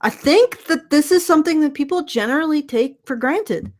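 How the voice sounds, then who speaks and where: Woman podcast host, slightly high voice, sarcastic, swears, trips over restarts. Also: expressive, moderate pace, a little mellow. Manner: sarcastic, stammering restarts, profane. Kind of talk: casual commentary chat.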